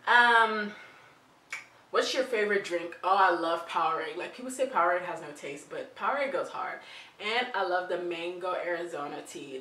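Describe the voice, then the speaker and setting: A woman's voice: on the low side, bright, forceful tone. A young woman vlogger chatting playfully through tag questions, with giggly asides. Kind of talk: casual chat answering tag questions. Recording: roomy, distant from the mic.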